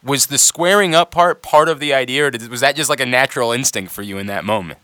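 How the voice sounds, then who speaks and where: A man hosts a casual interview, asking questions eagerly and laughing along with his guest. His voice is bright and forward. He is recorded close and dry, with no room around him. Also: mid-range voice, quick pace, clear, resonant tone, no echo. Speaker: podcast host.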